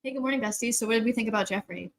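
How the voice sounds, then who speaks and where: A woman's voice: fairly high pitch, very fast, low-quality recording. A woman co-hosting a casual livestream, rambling as she fumbles with the tech. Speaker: co-host.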